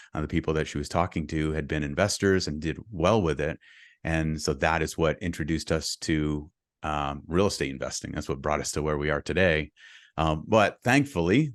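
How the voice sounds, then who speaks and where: Deep-voiced man telling a personal story. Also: dry recording, studio quality. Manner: earnest and open, speeds up when reliving the story. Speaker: guest, real estate investor. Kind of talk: candid storytelling in a podcast interview.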